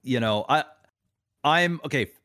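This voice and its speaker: A man's voice: medium pitch, animated, measured pace, bright, forceful tone. A man co-hosting a podcast, talking casually in a hesitant, stammering way with swearing. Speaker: podcast co-host. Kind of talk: casual chat.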